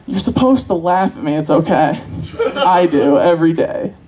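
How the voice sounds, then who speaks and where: A man's voice: on the high side, lively intonation, moderate pace, a little mellow, poor audio. A man doing crude, rambling, self-mocking open-mic stand-up on a convention stage. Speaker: stand-up comic. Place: convention stage with live audience.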